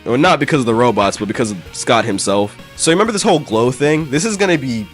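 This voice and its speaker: A man's voice: mid-range voice, fast talker, soft background music. Man giving a profane, slangy recap. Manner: profane, animated storytelling with slang. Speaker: comic book summarizer.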